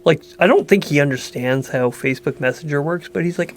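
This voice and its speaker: A man with a gravelly, slightly high voice chats casually on a podcast, animated and quick to tease. A faint hum runs under the recording. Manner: animated storyteller, laughs often, teasing. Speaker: podcast co-host. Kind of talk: casual chat.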